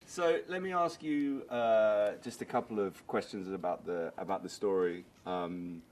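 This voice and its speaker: A man's voice: on the low side, a little slow, a little mellow. A man interviewing two actors, asking searching questions with some hesitation.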